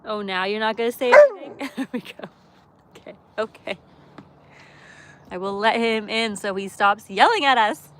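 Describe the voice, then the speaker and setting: A woman hosting a casual livestream from her camper van, chatty and quick to laugh as she talks with viewers. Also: on the high side, animated, noisy background. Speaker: livestream host. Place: camper van by a wood stove.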